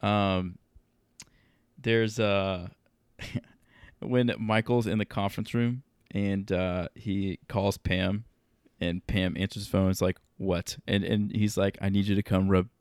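A man's voice: fairly low pitch, level tone, slow, smooth, no echo, clean studio sound. A man in casual chat, recapping sitcom moments, laughing often and quoting lines with lots of "like". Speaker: podcast co-host.

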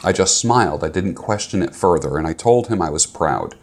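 Man, very low voice, YouTuber, reading a viewer letter, earnest and measured. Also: expressive. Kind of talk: talking to camera, reading a viewer letter aloud.

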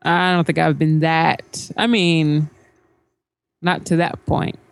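Woman, lowish voice, podcast co-host, casual chat, rambling, trailing sentences. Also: level tone, slow pace, creaky.

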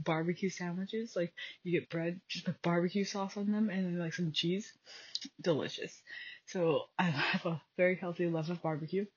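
A young adult woman hosting a casual solo podcast from home at night, talking quietly and rambling with many fillers into a phone. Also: lowish voice, breathy edge. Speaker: podcast host. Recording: dull lo-fi phone recording.

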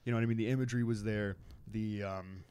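Low-voiced rambling male podcast host. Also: fairly even intonation, fast, warm tone, smooth. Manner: rambling, filler-heavy, joking with profanity. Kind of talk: casual chat.

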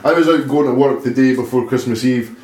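Fast-talking sweary Scottish man. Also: mid-range voice, a little mellow. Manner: swears freely, quick storytelling. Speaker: podcast co-host. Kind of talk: casual banter. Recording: echoey room with faint noise.

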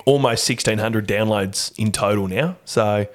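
A man with an Australian accent hosting a podcast in casual chat, talkative and quick to laugh. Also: fairly low pitch. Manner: chatty, laughs often, loose with restarts. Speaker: podcast host.

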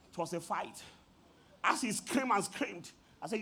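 A man with a Nigerian accent preaching a sermon as pastor, calling out to his congregation in an animated way. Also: high voice, moderate pace, vocal fry, long pauses, slightly rough.

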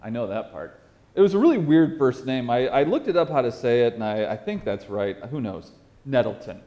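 A man preaching in a storytelling style, animated and self-mocking, often repeating words for effect. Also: mid-range voice, a little fast. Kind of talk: storytelling sermon.

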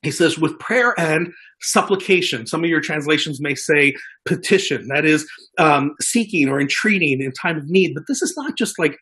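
A man's voice: a little high, animated, normal speed, sharp tone, slightly rough. A man preaching a sermon as a pastor, earnest, often repeating words as he builds his points.

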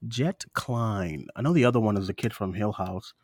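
Man, twenties, podcast co-host, animated, quick asides, dry close mic. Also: lowish voice, dry recording. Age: 20s. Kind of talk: casual chat.

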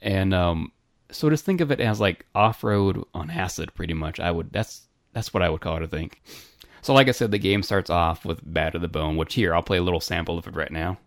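A man co-hosting a casual retro gaming podcast, rambling in a relaxed way with fillers and restarts. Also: low voice, fairly quick, no room sound, studio quality. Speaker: podcast co-host.

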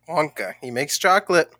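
A man's voice: a little high, expressive, a little slow, pushed and bright. A man co-hosting a movie podcast in casual chat, rambling and laughing often. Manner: giggly, rambling, laughs a lot. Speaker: podcast co-host.

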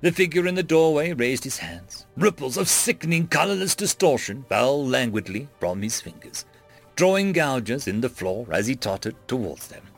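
A man narrating a fantasy story in a dramatic, expressive reading. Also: medium pitch, moderate pace, faint music behind.

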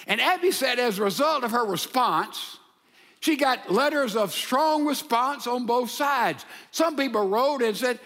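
A man with a high voice preaches to a congregation, retelling a story with lively acted-out quotes. His voice rings with long reverb through a large hall. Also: moderate pace. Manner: animated storytelling, acting out quoted letters. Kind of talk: sermon with storytelling.

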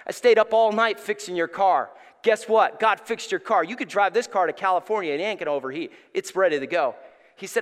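A man preaches a lively sermon, telling stories with energy that swells toward near-shouts. His voice sits high and sounds bright and forceful. It rings with the long reverb of a church sanctuary, picked up by a stage microphone. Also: normal speed. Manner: animated storytelling, rising to near-shouts. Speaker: pastor.

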